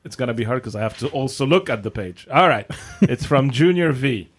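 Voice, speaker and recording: A man co-hosts a podcast at a middling pitch. He reads a listener email aloud, and he goes slowly and haltingly because he has no reading glasses. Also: expressive.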